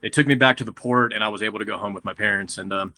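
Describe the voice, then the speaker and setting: A man from Texas, a guest on a podcast, telling stories in a lively, casual way, often laughing and acting out what others said. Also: lowish voice, very fast, no echo. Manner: animated, acts out quotes of others, laughs often. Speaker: guest grower and breeder.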